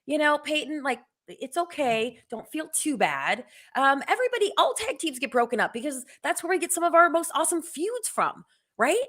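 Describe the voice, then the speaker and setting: Lively, animated woman co-host. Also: sits high, a little fast. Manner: chatty, laughing, animated. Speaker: podcast co-host. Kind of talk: casual news chat.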